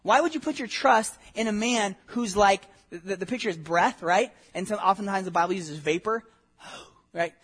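A man from Southern California preaching a sermon, animated and conversational, with frequent asides and questions to the congregation. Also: high voice, normal speed, breathy edge. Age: adult, married with a wife. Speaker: pastor. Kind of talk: expository sermon.

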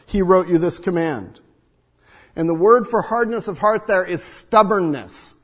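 A man delivers a sermon with a slightly higher-than-average, husky voice. He teaches earnestly and poses rhetorical questions to the congregation. His words ring out with a long reverb off the walls of a large church hall. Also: animated, moderate pace. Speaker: pastor.

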